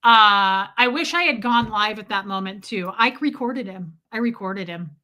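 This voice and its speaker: A woman hosting a livestream, telling a profane story in a casual, animated way and mimicking the people in it. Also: mid-range voice, moderate pace. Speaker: livestream host.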